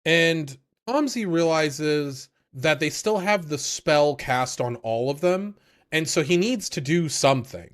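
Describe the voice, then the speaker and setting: A man co-hosting an anime podcast, recapping episodes in a casual, animated way, swearing often and acting out the characters' lines. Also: on the high side, unhurried. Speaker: podcast co-host.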